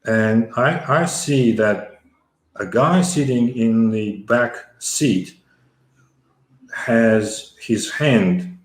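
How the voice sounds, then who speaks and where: A middle-aged man from the former Soviet Union speaks at a medium pitch and very slowly, telling a long story as an interview guest. His conversational storytelling is full of fillers and restarts, and the room is echoey.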